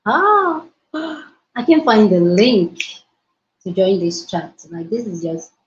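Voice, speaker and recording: A woman hosting a casual livestream from her mobile phone, hyper, excitable and loud as she greets her viewers. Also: mid-range voice, slow. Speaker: livestream host. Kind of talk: casual live-stream chat. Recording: roomy, dull lo-fi phone audio.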